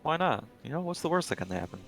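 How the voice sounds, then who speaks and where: A man running a tabletop game as game master, upbeat and quick to laugh. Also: a little high, big pitch swings, vocal fry, fairly bright tone, soft background music.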